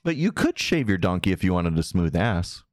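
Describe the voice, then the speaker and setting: Giggly low-voiced male co-host. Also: big pitch swings, moderate pace, a little mellow, dry recording. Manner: giggly, cheeky quips. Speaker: podcast co-host. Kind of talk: casual podcast banter.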